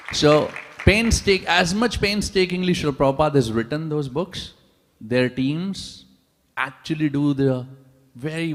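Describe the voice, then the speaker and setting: Gravelly-voiced man preaching in a big hall. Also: mid-range voice. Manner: animated storyteller, asks the audience rhetorical questions. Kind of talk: sermon with storytelling. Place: large temple hall. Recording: long reverb of a large hall.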